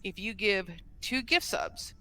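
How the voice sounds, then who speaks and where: A woman's voice: mid-range voice, animated, takes it slowly, bright, forceful tone, poor audio. A woman co-hosting a stream, chatting in a playful, easygoing way and laughing along. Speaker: streamer and co-host. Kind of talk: casual stream chat.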